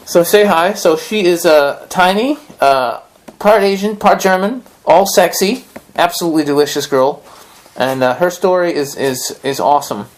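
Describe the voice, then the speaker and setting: Profane, animated male podcast host. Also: high-pitched, moderate pace. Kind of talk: casual storytelling chat.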